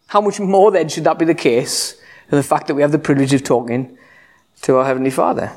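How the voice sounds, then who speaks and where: A man preaching with a high voice. He talks in a relaxed, chatty way, with jokes and rhetorical questions. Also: fast. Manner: conversational, humorous, rhetorical questions. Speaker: pastor. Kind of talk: sermon.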